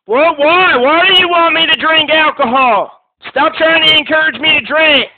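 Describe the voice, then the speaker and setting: A man hosting a comedic livestream hotline, breaking into frantic shouting outbursts between soft, pleading stretches. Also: extremely high pitch, animated, a little slow, soft background music. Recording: tinny phone-quality lo-fi audio.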